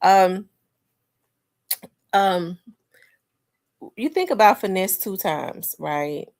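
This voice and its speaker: A woman in her forties hosting a casual livestream, rambling with fillers and restarts, talking to viewers as y'all, congested and clearing her throat. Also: medium pitch, expressive, very slow, a little mellow. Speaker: livestream host. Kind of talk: casual livestream commentary, reading chat.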